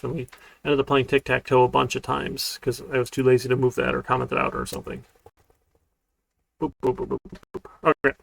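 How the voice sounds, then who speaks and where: This male programming instructor from a university runs his live-streamed lecture in an easygoing, conversational way, regularly asking "right?". His voice is medium in pitch and creaky.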